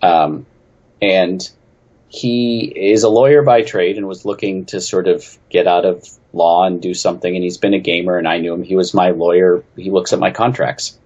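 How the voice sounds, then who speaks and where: A man from New England with a very low, husky voice talks through interview questions as a game designer guest. He is chatty and snarky and pokes fun at himself. The audio is a little dull and lo-fi. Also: steady tone, moderate pace, a little mellow. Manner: chatty, self-deprecating, snarky. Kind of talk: casual interview answers.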